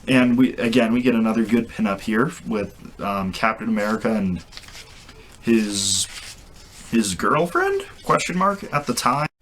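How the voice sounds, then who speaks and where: A man with a lowish voice talks through a comic book story in a loose, casual way. He rambles, restarts his sentences and leans on fillers, and a faint hiss sits under the recording. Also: expressive, unhurried, fairly bright tone. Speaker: comic reviewer.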